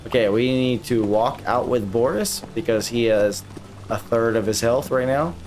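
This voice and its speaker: A man's voice: mid-range voice, normal speed, darkish tone. A man streaming a video game live, chatting casually with viewers, swearing often and grumbling in frustration. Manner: profane, frustrated, talks to chat. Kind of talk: casual live gameplay commentary.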